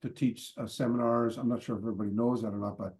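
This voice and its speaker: A man's voice: mid-range voice, racing, reverberant. An older man, a martial arts teacher, telling rambling anecdotes as an interview guest over a call, full of asides and fillers. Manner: animated, digressive, lots of fillers and asides. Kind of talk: casual anecdotal storytelling.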